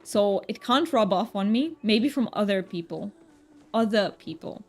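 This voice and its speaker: A woman's voice: mid-range voice, expressive, measured pace. A woman streamer chatting casually while gaming, reading her chat aloud, answering viewers and laughing often.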